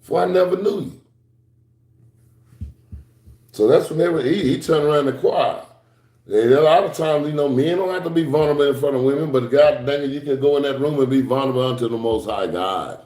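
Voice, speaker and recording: In an echoey room, a middle-aged man delivers a scripture lesson to a class like a sermon. His reading runs slow and low, then breaks into high, excited bursts, and he makes offhand remarks to those listening.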